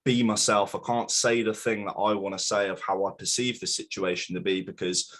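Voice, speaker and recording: A man's voice: on the low side, flat delivery, fairly quick, a bit bright. A man who works in sales, talking about his work in a reflective way with some hesitations as a guest. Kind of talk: casual interview chat.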